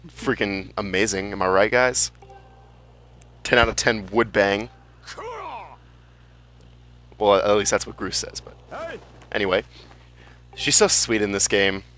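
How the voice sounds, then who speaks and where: A man's voice: on the low side, animated, measured pace, pauses often, fairly bright tone, soft background music. A young man giving casual, chatty gameplay commentary, swearing freely and cracking jokey asides. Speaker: let's play gamer.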